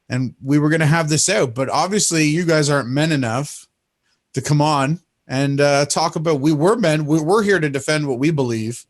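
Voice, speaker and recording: A man hosts a livestream in a somewhat raised, higher-leaning voice. He sounds indignant and mocking, rambling from one grievance to the next. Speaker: host. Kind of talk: casual livestream talk.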